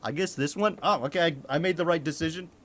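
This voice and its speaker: A man's voice: fairly high pitch, fast talker, fairly bright tone. A man from Maine streaming casually, blunt and profane, laughing often and breaking into incredulous outbursts. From Maine, United States. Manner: exclamatory, with sudden incredulous outbursts. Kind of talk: casual reaction commentary.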